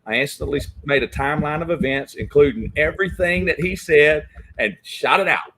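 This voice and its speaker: A man's voice: a little high, brisk, pushed and bright, breathy edge. A man in a casual chat, giving advice emphatically and often repeating words.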